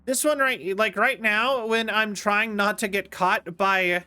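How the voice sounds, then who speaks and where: A man's voice: sits high, fairly even intonation, measured pace, pushed and bright, smooth. A young man streaming a game, chatting casually in a rambling, playful way that keeps stopping and restarting. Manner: rambling, self-interrupting, playful. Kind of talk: casual gameplay commentary.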